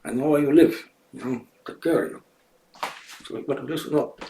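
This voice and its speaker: A man voicing a menacing male tough guy who makes threats, quick and loud. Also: medium pitch, gravelly, echoey room, a little hiss or hum, close to an everyday voice. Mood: threatening.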